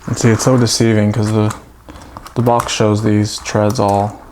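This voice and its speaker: A man's voice: fairly low pitch, flat delivery, measured pace, noisy background. A man casually talking through a toy build, chatty with self-mocking asides.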